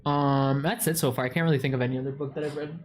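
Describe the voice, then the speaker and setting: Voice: medium pitch, fairly even intonation, very fast, slight background noise. A streamer with a stuffy nose, casually chatting with viewers and answering their questions, full of crude swearing and mock insults.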